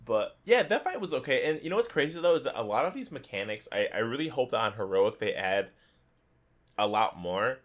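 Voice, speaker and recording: A man co-hosting a casual gaming podcast, talking excitedly and laughing often, on a headset mic. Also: medium pitch, a little fast. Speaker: podcast co-host.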